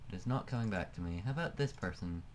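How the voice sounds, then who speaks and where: Chatty low-voiced man thinking aloud. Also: lively intonation, quick pace, a little hiss or hum. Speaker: let's play host. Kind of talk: casual gameplay commentary.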